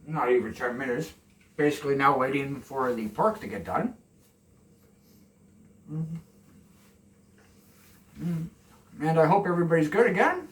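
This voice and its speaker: A man from Canada, chatting calmly and softly to the camera while cooking in his home kitchen, rambling off into asides. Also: on the high side. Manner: deliberately soft and calm, rambling asides. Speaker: cooking vlogger. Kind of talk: casual cooking chat to camera. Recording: echoey kitchen, mic from far off.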